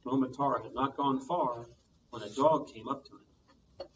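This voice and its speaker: A man, a children's librarian, reading a storytime tale aloud with lively sound effects, heard from a distance on muffled audio. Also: medium pitch, a little slow, slight background noise.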